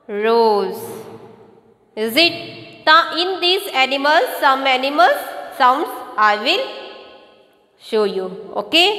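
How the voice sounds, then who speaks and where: A woman with an Indian English accent teaching a kindergarten class, slowly and patiently asking the children questions and repeating prompts. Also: sits high, pushed and bright, roomy sound, big-room sound. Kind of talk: slow online class lesson for young children.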